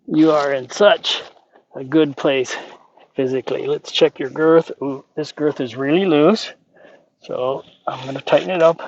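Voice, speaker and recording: A man working as a horse trainer, calmly explaining while talking gently and soothingly to a horse outdoors. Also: fairly high pitch, unhurried, highs cut off. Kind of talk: training commentary.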